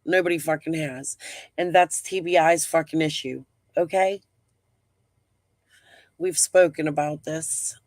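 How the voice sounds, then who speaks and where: A woman's voice: deep voice, steady tone, measured pace, long pauses, a little mellow, no room sound. A middle-aged woman hosting a casual live stream. She talks bluntly, rambles, swears freely and breathes heavily.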